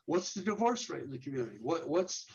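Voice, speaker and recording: A man with a somewhat high, husky voice talks fast, his pitch swinging widely, on a lo-fi recording. He's a men's ministry leader appearing as an interview guest, earnestly laying out steps, peppering his explanation with rhetorical questions and frequently restarting his words.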